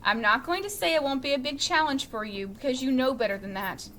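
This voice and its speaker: A woman voicing a gentle mother who talks in a soothing, persuasive way. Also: sits high, a little fast, slight background noise. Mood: reassuring.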